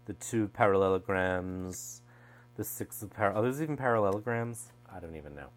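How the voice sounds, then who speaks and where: Chatty wry man with a low voice. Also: moderate pace, soft background music. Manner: chatty, wry asides, trails off mid-thought. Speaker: tarot deck reviewer. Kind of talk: casual unboxing chat. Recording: mains hum underneath.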